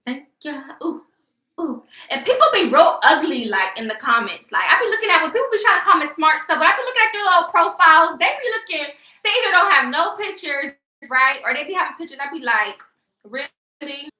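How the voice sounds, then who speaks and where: Sassy high-voiced young woman, echoey room. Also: lively intonation, fairly quick, pushed and bright. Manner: sassy, laughing, mocking. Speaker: vlogger. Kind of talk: casual livestream rant.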